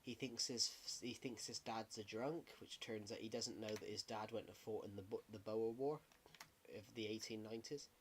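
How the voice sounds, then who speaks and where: A man's voice: on the low side, fairly even intonation, normal speed, slight background noise. A man chatting casually on a gaming livestream, rambling and correcting himself as he talks.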